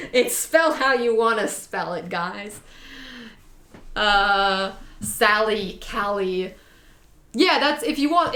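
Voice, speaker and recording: A young woman with an Australian accent, chatting live with her viewers while she works on a sewing project. She talks in a loose, self-mocking way and laughs often. Her mid-pitched voice carries a noticeable echo from the room around her. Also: a bit bright. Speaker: sewing streamer. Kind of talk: casual live-stream chat while sewing.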